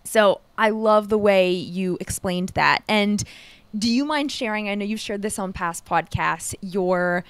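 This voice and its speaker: A woman's voice: medium pitch, unhurried, clean tone, no room sound. A woman hosting a podcast, reacting effusively and asking her guest questions in casual chat. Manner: effusive, enthusiastic. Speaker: podcast host.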